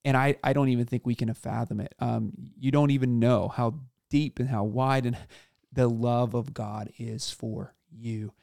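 A man in his thirties muses earnestly in a casual faith conversation, often restarting as he searches for words. His voice is mid-pitched with plenty of gravelly fry. The sound is dry and close. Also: fairly even intonation, a little slow, a little mellow, dry recording. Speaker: podcast co-host.

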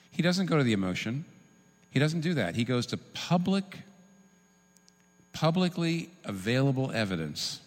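A man preaching a sermon, teaching in an animated, humorous way with quick asides. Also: mid-range voice. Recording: long reverb in a large hall.

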